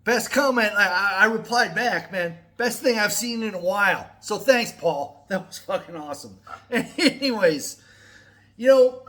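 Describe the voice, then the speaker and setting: A man's voice: high-pitched, lively intonation, a little slow, pushed and bright. A middle-aged man ranting to camera on his own channel, profane and rambling. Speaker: metal music YouTuber. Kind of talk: casual to-camera vlog rant.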